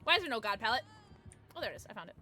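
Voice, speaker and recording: Excitable high-voiced woman streamer. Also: racing, soft background music. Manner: excitable, shrieks and laughs; chatty, swears, thanks chat. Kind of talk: live gameplay commentary.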